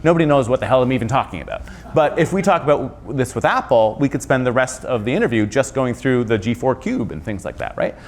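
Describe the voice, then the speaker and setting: A middle-aged man, an author, speaking in a conversational interview with quick asides and self-corrections. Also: mid-range voice, expressive, slight background noise. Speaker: author and journalist guest.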